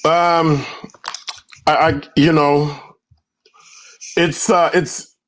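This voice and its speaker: A middle-aged man, a former pro football player, telling loose, rambling stories in a casual podcast interview and acting out yelling coaches. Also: fairly high pitch, very slow, a little hiss or hum. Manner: animated storyteller, acts out coaches yelling; loose, rambling with many restarts.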